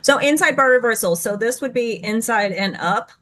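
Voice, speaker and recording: A guest trading educator, a woman with a slightly high, expressive, somewhat bright voice, teaches chart patterns over a video call. Her explanations come out rushed and tumbling, and she pauses every so often to correct herself.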